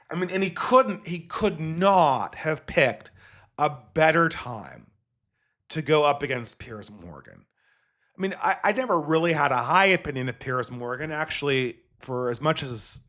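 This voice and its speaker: A man's voice: a little high, fairly bright tone. A man hosting a solo commentary podcast, talking casually in a rambling, digressive way and swearing now and then. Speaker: podcast host.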